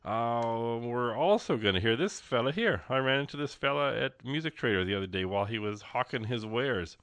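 A man's voice: medium pitch, lively intonation, moderate pace, fairly bright tone, clean tone, no echo. A man hosting a radio music show, chatting casually in a rambling, joking way with many fillers and restarts from the studio.

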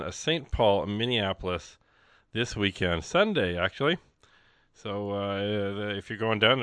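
A man with a lowish, slightly bright voice hosts a radio music show from the studio, heard in a dry recording. He chats casually in a rambling, joking way, full of fillers and restarts.

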